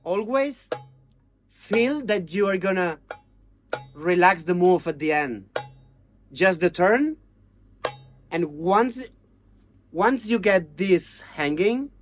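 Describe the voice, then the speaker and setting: A man teaching hand-drum technique, chanting drum syllables and counting beats in halting. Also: high-pitched, animated. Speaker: percussion teacher. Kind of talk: hands-on music lesson.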